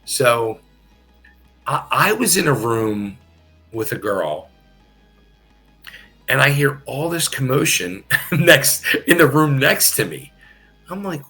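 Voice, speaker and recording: A middle-aged man with a gravelly, bright voice tells profane stories on a podcast. He talks slowly but swings his pitch widely, laughing as he goes. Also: faint music behind. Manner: animated, profane, laughing, repeats himself. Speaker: podcast guest, former pro wrestler. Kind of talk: casual storytelling.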